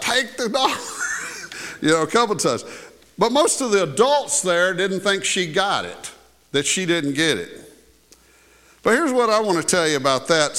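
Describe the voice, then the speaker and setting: A man's voice: sits high, fairly bright tone. A man preaching a sermon, telling a story in a folksy, conversational way with asides to the congregation. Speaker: pastor.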